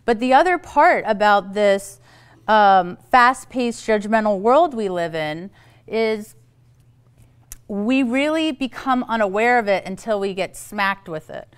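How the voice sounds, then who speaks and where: A woman giving a storytelling talk on parenting to an audience, animated and acting out the voices she quotes. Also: mid-range voice, unhurried, clear, resonant tone. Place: event hall.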